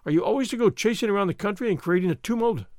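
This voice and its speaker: A man's voice: high voice, rapid-fire, no room sound, clean studio sound, voice pushed up, close to an everyday voice. A man reading as a languid, teasing young nobleman. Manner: leisurely, mildly teasing, refined. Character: languid young male nobleman, mild and mocking. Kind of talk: audiobook character reading.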